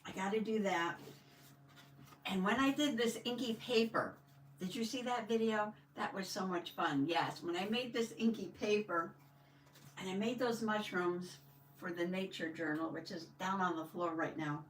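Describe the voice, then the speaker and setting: A woman's voice: mid-range voice, moderate pace, a little hiss or hum. An older woman hosting a casual live journaling stream, chatting with viewers and greeting them with a folksy "howdy". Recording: echoey room, mic at a distance.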